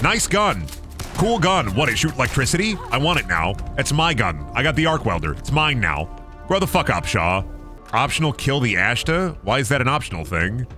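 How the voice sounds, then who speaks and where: Young male game streamer, lively pitch, bright tone, playful and crude. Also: moderate pace, soft background music. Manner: goofy, profane, playful voice swings. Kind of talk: casual gameplay commentary.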